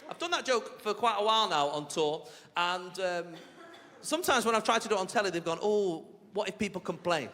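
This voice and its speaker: A male stand-up comedian doing a set with a cheeky, animated delivery, slipping into silly character voices. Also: high voice, a little fast, long reverb tail, a little hiss or hum. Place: large theatre stage. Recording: live theatre recording with audience laughter.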